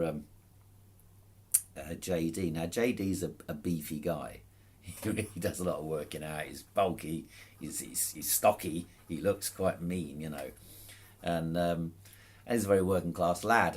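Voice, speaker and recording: Low-voiced guy telling a story to the camera, chuckles a lot, keeps restarting his words. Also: a little mellow. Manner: amused, chuckling, with frequent restarts. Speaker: protester recounting a court case. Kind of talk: casual spoken account to camera.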